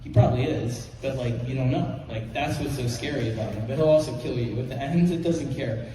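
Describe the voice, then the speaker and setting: A man's voice: mid-range voice, a little fast. A man telling comic stories in a casual interview, acting out the characters as he goes. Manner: animated storytelling, acts out characters. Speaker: comic writer in an interview clip. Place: played clip from another video. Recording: roomy, distant, noisy clip audio.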